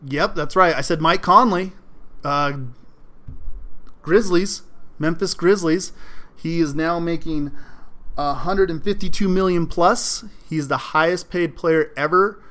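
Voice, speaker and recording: A man hosting a solo sports podcast, talking in an animated, emphatic way and mocking fans' complaints. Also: on the high side, unhurried, long pauses. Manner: animated, emphatic, mocking quoted fans in exaggerated voices. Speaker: podcast host.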